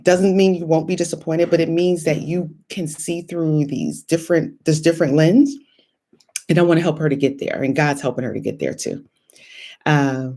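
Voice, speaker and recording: A woman in her thirties hosting a casual faith livestream, telling stories in an animated, encouraging way. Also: on the low side. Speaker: host.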